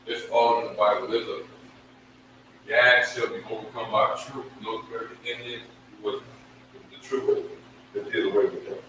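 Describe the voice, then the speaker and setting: A man's voice: mid-range voice, level tone, moderate pace, long pauses. A man giving a scripture lesson, emphatic, repeating himself and stretching out each syllable. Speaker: religious teacher. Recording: very echoey room, from far off, faint noise.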